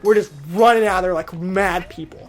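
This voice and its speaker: A young woman telling a playful made-up story while playing a game with a friend. She is animated and teasing, and she throws in character voices. Faint game music sits behind her. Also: on the low side, a little fast. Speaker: let's play co-host. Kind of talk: playful storytelling over gameplay.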